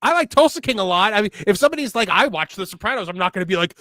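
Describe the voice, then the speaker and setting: A man hosting a casual wrestling podcast, reading viewer super chats and riffing on them, often trailing off quietly. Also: high voice, racing, no echo, studio quality. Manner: animated, trails off quietly, mimics callers.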